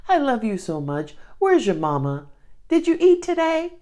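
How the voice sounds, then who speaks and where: A woman voicing a tender, motherly woman who soothes a hurt lion in a soft, doting way. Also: high voice, very animated, moderate pace, voice pushed up.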